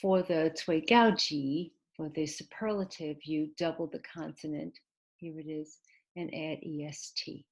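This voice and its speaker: Woman teacher doing a video english lesson, low voice, slow and patient, lots of uhs. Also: steady tone, husky. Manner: patient step-by-step explaining, spells out letters; hesitant, with frequent "uh" and restarts. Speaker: ESL teacher. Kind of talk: recorded video lesson over slides.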